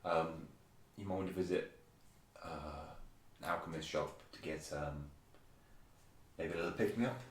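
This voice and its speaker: A man's voice: low-pitched, moderate pace, pauses often, recorded from a distance. A man playing a tabletop game, rambling and fussing in character as a band's manager. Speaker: player. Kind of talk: in-character tabletop role-play. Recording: echoey room, faint noise.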